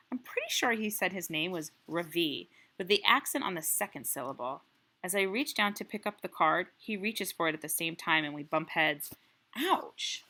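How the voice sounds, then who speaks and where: A woman teacher reading a children's novel aloud and pausing to ask the class questions, checking in with "right?" as she goes. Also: on the low side, bright, forceful tone.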